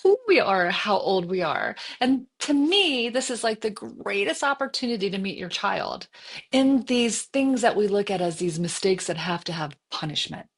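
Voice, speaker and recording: A woman in her fifties telling a story as a podcast co-host in casual chat, animated and acting out her own inner voice. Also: medium pitch, normal speed, breathy edge. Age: 50s.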